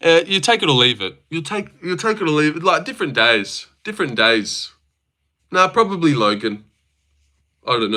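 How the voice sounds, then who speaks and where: Bright-voiced young man chatting on a livestream. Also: fairly high pitch, sing-song, normal speed. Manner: crude, teasing banter with chat, frequent swearing. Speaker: livestream host. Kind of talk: casual livestream chat reacting to chat.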